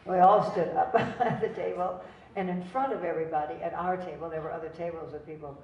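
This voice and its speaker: A woman's voice: lowish voice, fairly quick. Older woman, rambling anecdotal storytelling, chuckles at own jokes, distant roomy lo-fi recording. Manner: chatty, digressive, laughs at her own jokes. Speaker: actress telling stories at a film event. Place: cinema venue before an audience.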